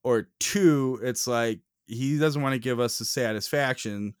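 A man's voice: medium pitch, a little slow, smooth, no room sound, clean studio sound. Teasing young man on a podcast. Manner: teasing, mock-indignant, animated storytelling. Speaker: podcast co-host. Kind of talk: casual chat.

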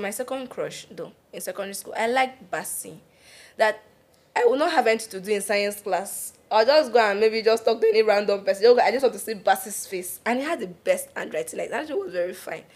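A young Nigerian woman with a Nigerian accent telling animated stories in a casual podcast chat, laughing and slipping into pidgin. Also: mid-range voice, brisk. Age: young adult. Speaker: podcast co-host.

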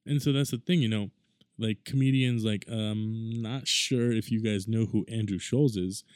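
A man's voice: lowish voice, clean tone, no room sound, clean studio sound. Young man rambling on his podcast. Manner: rambling, conversational, lots of fillers. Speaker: podcast host. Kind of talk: casual solo podcast monologue.

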